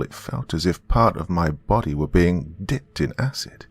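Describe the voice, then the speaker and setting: A man hosting a horror podcast, narrating a first-person horror story in a slow, brooding way. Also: sits low, fairly bright tone.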